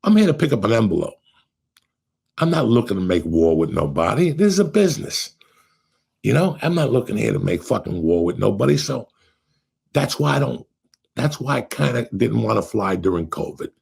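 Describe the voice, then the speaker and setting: A middle-aged man hosting a podcast, telling stories in a profane, animated way and acting out what people said. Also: fairly low pitch, moderate pace, gravelly, slightly rough. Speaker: podcast host. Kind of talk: casual storytelling chat.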